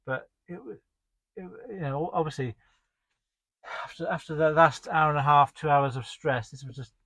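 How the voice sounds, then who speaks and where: A medium-pitched man, recorded dry with dull audio, works as a delivery driver and recounts his day like a casual spoken diary. He rambles and complains in an exasperated tone, restarting often and saying "um" a lot.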